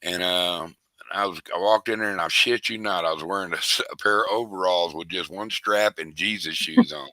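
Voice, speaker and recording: Older man, rambling folksy storyteller; low sharp voice, dry close sound. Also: moderate pace, no room sound. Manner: rambling, folksy and profane, with many restarts. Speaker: interviewee. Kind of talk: casual storytelling.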